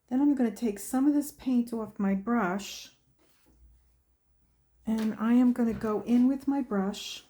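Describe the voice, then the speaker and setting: A woman with a slightly high, warm voice hosts a painting demonstration as an art tutorial. She works slowly, chatting casually and talking to herself along the way.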